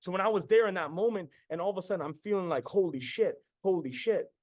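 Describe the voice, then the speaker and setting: A Canadian man in his thirties, a podcast host and business coach, tells a personal story in an intense, repetitive motivational style, swearing freely. His voice is high and racing, and the recording is dry.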